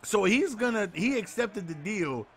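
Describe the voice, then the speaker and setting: A man co-hosting a podcast, telling a story in casual chat, excitable and sarcastic, acting out the people he quotes. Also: high-pitched, unhurried. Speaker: podcast co-host.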